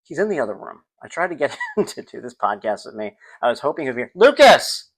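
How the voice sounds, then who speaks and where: A middle-aged man talks through a relaxed solo podcast, his pitch swinging widely as he retells family moments. He drops into quick acted-out voices and bits of children's songs along the way. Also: vocal fry, slightly rough. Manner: animated, acts out scenes, sings snippets. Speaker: podcast host. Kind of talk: casual solo podcast storytelling.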